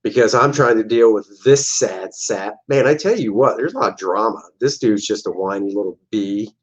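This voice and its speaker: In a muffled recording, a man with a lowish voice and moderate pace looks back on his old comic art in a relaxed way, staying jokey and playful and throwing in goofy sound effects.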